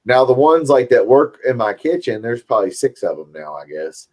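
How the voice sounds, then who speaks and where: A man's voice: medium pitch, very animated, normal speed, darkish tone. A man in casual chat, talking loosely with many fillers and agreeing often. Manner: chatty, filler-heavy, agreeable.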